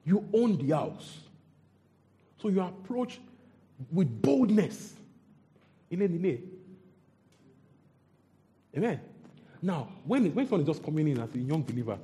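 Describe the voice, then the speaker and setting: A man preaches with a lively, swooping delivery that rises and falls. His voice is somewhat high for a man yet mellow and warm in tone. He repeats phrases and keeps asking the congregation questions. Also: moderate pace, pauses often. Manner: animated, repeats himself, quizzes the congregation. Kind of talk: sermon.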